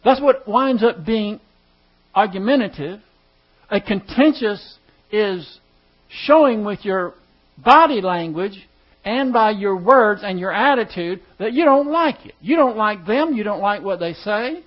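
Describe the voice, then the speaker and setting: High-voiced man teaching a class. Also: expressive, measured pace. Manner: conversational, asks the class questions. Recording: dull lo-fi recording.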